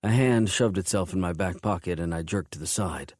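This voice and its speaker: A man narrating a first-person romance audiobook in a low, intense, measured way. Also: darkish tone, dry recording, clean studio sound.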